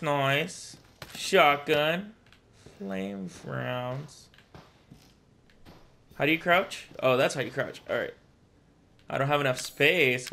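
Jumpy young man doing slow game commentary. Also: mid-range voice, vocal fry, bright, forceful tone, a little hiss or hum. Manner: jumpy, talks to viewers, mutters to himself. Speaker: gaming streamer. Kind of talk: casual let's-play commentary.

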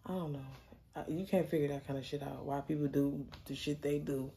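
A young adult woman telling a story in a casual, blunt, animated way, swearing freely. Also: deep voice, brisk, gravelly, slight background noise. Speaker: storyteller vlogger.

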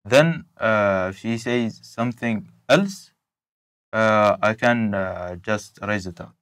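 A young man, a university student, giving tips in non-native English, pausing often with "uh". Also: fairly low pitch, a bit bright, no room sound. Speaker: university student, interview guest. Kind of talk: casual interview.

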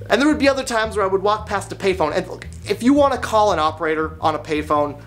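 A young man telling comic confessional stories in a deadpan, self-mocking way, as a vlogger. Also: sits high, a little hiss or hum. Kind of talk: comedic confessional monologue.

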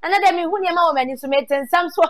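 A high-voiced Ghanaian woman runs a lively on-the-spot interview for a talent show. She echoes each answer back and slips English words into her talk. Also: very fast.

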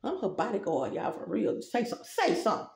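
A woman's voice: medium pitch, big pitch swings, fast, vocal fry, darkish tone, reverberant. A woman vlogger giving casual spiritual advice, chatty and rambling, talking straight to her viewers.

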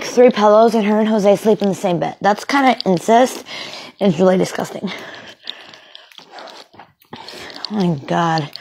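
A woman's voice: medium pitch, a little mellow, a little hiss or hum, close to an everyday voice, rough recording. A woman playing a bitter, swearing young woman. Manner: swearing, ranting, sarcastic. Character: bitter, volatile young woman kicked out by family. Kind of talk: amateur film acting.

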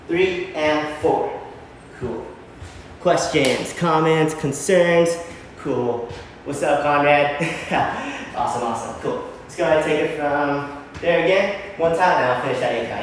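A man's voice: medium pitch, slight background noise. A young man teaching an online dance class, counting steps and ending lines with a casual "yeah?". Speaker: dance instructor. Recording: echoey room from far off.

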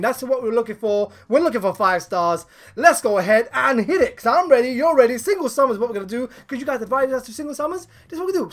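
A man co-hosting a gaming channel, giving excited commentary while summoning in a mobile game, hyped and shouting when thrilled. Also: extremely high pitch.

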